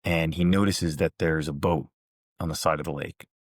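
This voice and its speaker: Very deep-voiced man telling calm parables. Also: dry recording, studio quality. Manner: calm storytelling, measured and earnest. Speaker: motivational speaker and coach. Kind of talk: reflective motivational talk.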